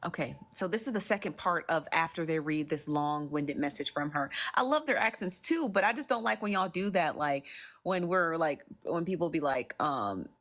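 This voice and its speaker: A woman's voice: low-pitched, expressive, moderate pace, fairly bright tone. A woman hosting a live stream, chatting casually to viewers as she reacts to clips, laughing now and then. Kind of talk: casual commentary.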